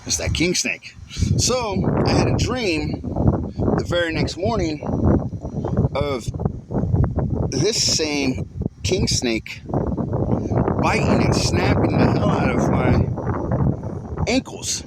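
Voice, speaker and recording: A man's voice: a little high, lively intonation, slow, pauses often, heavy background noise. A man casually telling a long story outdoors into a handheld phone camera, rambling, repeating himself and swearing as he goes. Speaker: vlogger.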